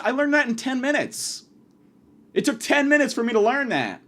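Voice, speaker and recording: A man's voice: very high-pitched, very animated, brisk, a bit bright. A young man ranting in a profane, exasperated comedy monologue. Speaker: podcast host. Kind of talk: comedic rant.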